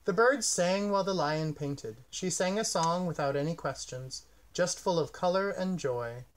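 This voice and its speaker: A man reading a children's picture book aloud in a gentle, expressive storytelling manner. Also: sits high, normal speed.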